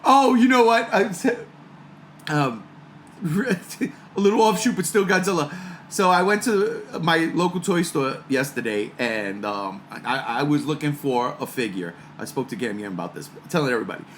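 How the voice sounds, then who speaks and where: A man hosting a casual fan chat, excitable and laughing as he talks. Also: a little high, moderate pace, slight background noise. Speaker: podcast host.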